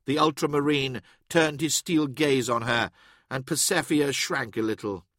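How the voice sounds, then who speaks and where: A man reading an audiobook in steady, even scripted narration. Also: medium pitch, a little slow, no room sound, clean studio sound.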